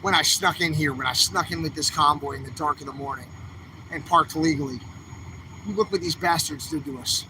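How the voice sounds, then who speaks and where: A man's voice: a little high, a little fast, background noise. A man ranting angrily to his viewers, livestreaming from a city street outdoors. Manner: agitated, ranting, exhorting viewers. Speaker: livestreaming activist vlogger. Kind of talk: angry street vlog to camera.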